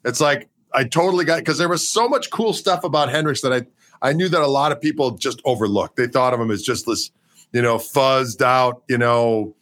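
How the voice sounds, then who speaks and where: A man interviewing a musician in a casual chat, relaxed and agreeable, sharing his own stories. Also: mid-range voice, normal speed.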